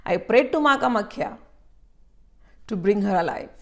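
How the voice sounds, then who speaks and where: A woman voicing a calm, compassionate older holy man who speaks gently and reassuringly. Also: mid-range voice, normal speed, creaky. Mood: soothing.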